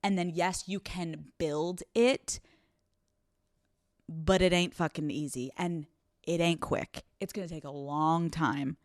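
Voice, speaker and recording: A woman's voice: deep voice, takes it slowly, no echo, studio quality. A young woman hosting an advice podcast, talking bluntly and swearing freely, running on no sleep. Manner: blunt, profane, animated; acts out scenes with quoted voices. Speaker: podcast host.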